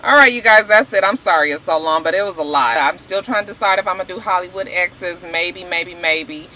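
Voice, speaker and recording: A woman vlogger recapping a reality show episode in a casual, animated, slangy way, talking straight to her viewers. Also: fairly low pitch, a little fast, rough recording. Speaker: YouTube show reviewer.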